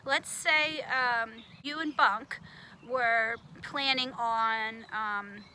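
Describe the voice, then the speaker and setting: High bright-voiced woman teacher. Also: fairly even intonation, extremely slow, a little hiss or hum. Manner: patient, gently explaining, firm on manners. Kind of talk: children's puppet show lesson.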